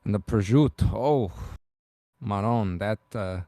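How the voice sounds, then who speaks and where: Man doing a teary Italian-American son of a butcher, halting, lower and slow, with a dry close sound. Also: mellow, no room sound, lightly acted. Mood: sentimental. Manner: halting, choked-up, full of uh's. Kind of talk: comic character bit on a stream.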